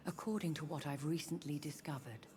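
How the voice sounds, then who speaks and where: An actress voicing a secretive aristocratic woman informant who speaks in a hushed, conspiratorial whisper. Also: sits low, fairly even intonation, brisk, close to an everyday voice. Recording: game audio with noise.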